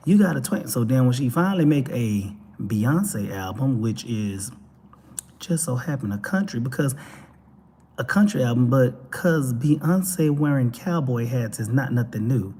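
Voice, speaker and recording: A man with a Texan accent giving casual, animated commentary as a talk show host, speaking straight to his viewers. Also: mid-range voice, unhurried, breathy edge. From Texas. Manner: animated, preachy, addresses viewers directly.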